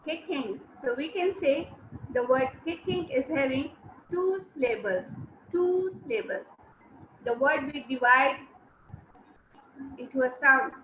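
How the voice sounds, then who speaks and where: Lady teacher online, high voice, slow, repeats every word twice, echoey dull mic. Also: expressive, a little hiss or hum. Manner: instructive, repeats words and syllables, brisk commands. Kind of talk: online class lesson. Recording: roomy, slightly dull sound.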